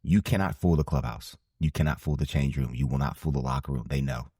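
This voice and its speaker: Speaking fast in a mellow, slightly rough bass, this former ballplayer and broadcaster in his forties answers a podcast interview with a heartfelt story. He stays earnest and emphatic, repeating phrases to drive points home, and the studio recording is dry and clean.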